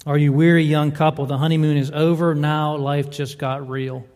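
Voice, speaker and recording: A man's voice: on the high side, level tone, moderate pace, darkish tone. A male pastor delivering a sermon, building emphasis with repeated rhetorical questions. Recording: reverberant hall.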